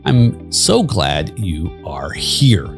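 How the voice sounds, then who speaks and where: A man hosting a leadership podcast, giving a lively, welcoming scripted introduction to the episode. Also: deep voice, drawn-out words, creaky, soft background music. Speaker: podcast host.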